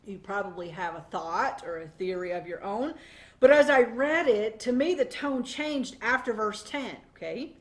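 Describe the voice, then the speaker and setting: A woman teaching a weekly Bible devotion in a conversational, animated way, often pausing on fillers. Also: on the high side.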